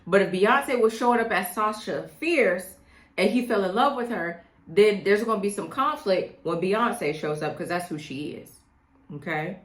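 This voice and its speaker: In an echoey room, a middle-aged woman coaches women on dating with a direct, emphatic monologue, regularly checking in with "okay?". Her voice is mid-range and her speed normal.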